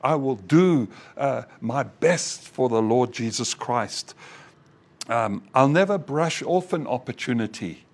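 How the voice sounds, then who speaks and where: A man preaching a sermon in a slow, earnest way, pausing often and restarting phrases. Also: mid-range voice, expressive, slightly rough.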